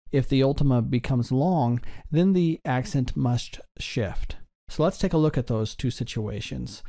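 A man teaching a recorded Greek grammar lesson, patiently explaining and slowing down to sound out each form. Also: mid-range voice, warm tone.

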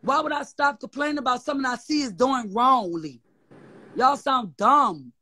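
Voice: high voice, lively intonation, a little fast, pushed and bright, dry recording. A guest with a New Orleans accent ranting on a live stream, profane, defiant and mocking, repeating insults. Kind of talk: heated live-stream rant.

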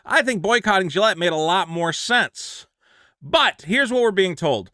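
A man giving opinionated, sarcastic commentary as a YouTuber, emphatic and animated. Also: high voice, a little slow, no echo, studio quality.

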